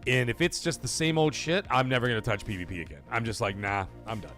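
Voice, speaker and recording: A man hosting a gaming livestream, loudly shouting out chat donations and swearing casually. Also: mid-range voice, expressive, fast, faint music behind. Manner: loud, hyped shout-outs reading chat donations. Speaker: livestream host. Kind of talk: energetic live stream chat.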